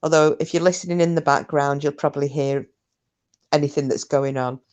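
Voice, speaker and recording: A woman's voice: sits low, fairly even intonation, a little fast, a little mellow. A British woman from the UK, chatting casually with viewers on her livestream, swearing and mocking scammers. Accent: British English. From United Kingdom. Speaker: livestream host. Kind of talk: casual live chat with viewers.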